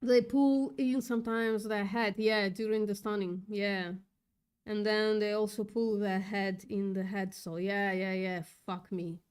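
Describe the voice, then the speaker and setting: A woman's voice: mid-range voice, flat delivery, unhurried, darkish tone, clear, resonant tone. A woman hosting a casual livestream, upset and thinking aloud, swearing often as she reads chat. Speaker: livestream host reading chat.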